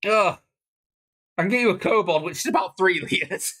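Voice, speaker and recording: A woman's voice: mid-range voice, normal speed, fairly bright tone. A woman streaming her game development, talking casually, swearing and laughing helplessly as she works things out aloud. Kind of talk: casual livestream commentary.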